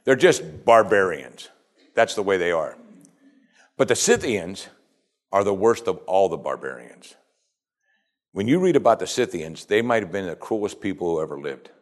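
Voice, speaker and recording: A man's voice: sits low, lively intonation, normal speed, pauses often. A man preaching a sermon as pastor, building to emphatic call-and-response and acting out quoted voices.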